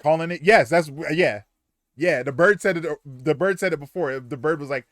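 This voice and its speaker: A man's voice: fairly high pitch, moderate pace, a bit bright, dry recording, clean studio sound. A young man streaming a game live, chatting casually and crudely and retelling events animatedly. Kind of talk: live gameplay commentary.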